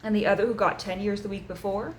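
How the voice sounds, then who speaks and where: A woman's voice: mid-range voice, steady tone, quick pace, a little hiss or hum, natural voice, poor audio. A woman voicing an earnest young man, an uneasy new recruit, asking questions in an audiobook reading.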